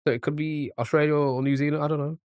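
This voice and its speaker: A man's voice: a little high, steady tone, quick pace, darkish tone, no room sound, studio quality. A man streaming a guessing game, thinking aloud in a rambling way full of restarts and fillers. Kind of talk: casual live-stream commentary.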